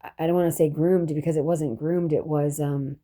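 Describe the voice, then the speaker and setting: A woman's voice: low-pitched, fairly even intonation, a little fast, mellow. A woman telling a personal story in a rambling, reflective monologue, restarting often and dropping profane asides.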